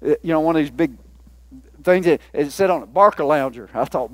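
A man's voice: a little high, moderate pace, slight background noise. A man preaching a sermon as a pastor, folksy and joking with the congregation.

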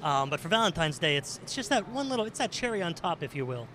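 Bright-voiced hesitant chef, a man. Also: on the high side, big pitch swings, quick pace, slight background noise. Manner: hesitant, repeats words. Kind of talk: casual podcast talk. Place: grocery store.

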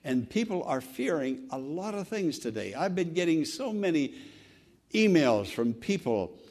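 A man preaching a sermon as pastor, earnest and conversational, swinging from fervent emphasis to soft, quiet phrases. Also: fairly high pitch, very animated, a little slow. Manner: repeats words and restarts, conversational preaching.

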